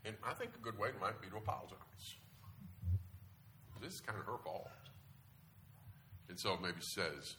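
A man's voice: deep voice, lively intonation, normal speed, noisy background. A male pastor giving a conversational sermon to a congregation in a church, often asking them questions. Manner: conversational, asks the audience questions.

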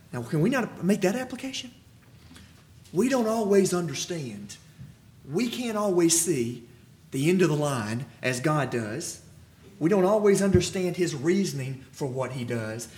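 A man preaching a sermon, acting out dialogue from scripture, with lively swings and some stammering restarts. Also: fairly high pitch. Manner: animated, acts out biblical dialogue, restarts and stammers.

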